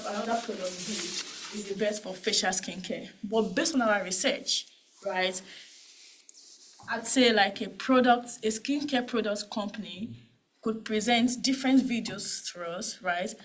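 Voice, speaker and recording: A woman's voice: mid-range voice, normal speed, poor audio. A woman with a Nigerian accent speaking at a cybersecurity panel, conversational and full of tag questions and fillers. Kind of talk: conference talk.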